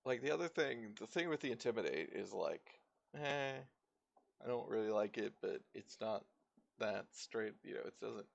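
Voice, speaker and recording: Gravelly man muttering over gameplay. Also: fairly low pitch, lively intonation, normal speed, dull audio. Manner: thinking aloud, muttering asides. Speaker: streamer. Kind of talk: casual gameplay commentary.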